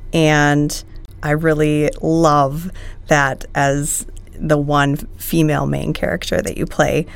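Low, gravelly-voiced woman joking around. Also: level tone, slow pace. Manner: playful, jokey, rambling. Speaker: podcast co-host. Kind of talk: casual chat.

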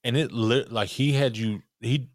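A man's voice: mid-range voice, measured pace, no echo, studio quality. A man co-hosting a podcast, talking loosely in casual chat, swearing and trailing off. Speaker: podcast co-host.

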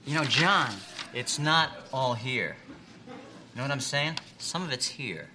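A man acting out a blunt, scatterbrained boss who rambles and badgers in a plain mid-pitched voice. His words drag when he lectures, and a steady hiss of noise sits under the recording. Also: unhurried. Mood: baffled, pushy. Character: rude scatterbrained middle-aged male boss. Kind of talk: comedy sketch acting.

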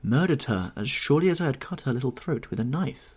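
A man voicing an impassioned, self-absorbed young English gentleman in an audiobook reading, with a husky tone and heightened emotional delivery. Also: medium pitch, animated, fast talker, voice pushed up. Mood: dreamy.

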